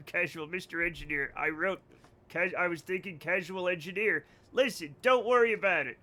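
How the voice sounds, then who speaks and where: Male streamer, high-pitched, excitable and joking, live gameplay commentary. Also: moderate pace. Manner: excitable, joking, swears, laughs often.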